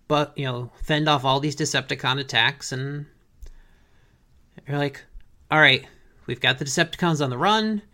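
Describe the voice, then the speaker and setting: Bright-toned man recapping a cartoon. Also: mid-range voice. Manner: relaxed, summarizing plot with fillers. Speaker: podcast host. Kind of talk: casual chat recapping an episode.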